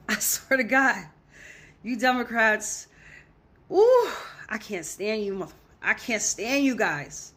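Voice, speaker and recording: A woman's voice: mid-range voice, sing-song, slow pace, a bit bright. Woman in a heated, profane rant. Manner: heated, profane, repetitive ranting. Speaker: social media commentator. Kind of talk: angry reaction rant to camera.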